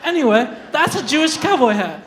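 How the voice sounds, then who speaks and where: High-pitched deadpan stand-up comic, roomy stage. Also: a little fast, background noise. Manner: deadpan absurdist delivery with hesitant restarts and fillers. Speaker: stand-up comedian. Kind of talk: stand-up comedy set. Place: live comedy venue stage. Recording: roomy live venue sound.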